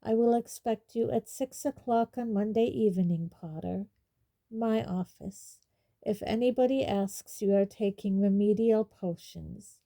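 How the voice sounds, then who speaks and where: Brief: cold, sneering male schoolmaster wizard, read by a woman, slow, mellow, silky menace. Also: mid-range voice, creaky. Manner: quietly waspish, silky.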